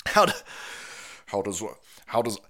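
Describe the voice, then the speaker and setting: A man's voice: on the low side, big pitch swings, unhurried, pushed and bright. A man hosting a casual livestream, congested from a cold and a bit winded, talking in a sarcastic, profane, rambling way. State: stuffy nose from a cold. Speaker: streamer host.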